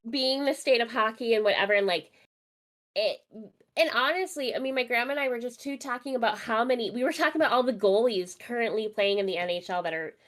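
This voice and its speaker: A woman's voice: on the high side, quick pace, a bit bright. A woman from Minnesota co-hosting a podcast, chatting about sports in a fired-up, chatty way and swearing freely. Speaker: podcast co-host. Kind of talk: casual sports chat.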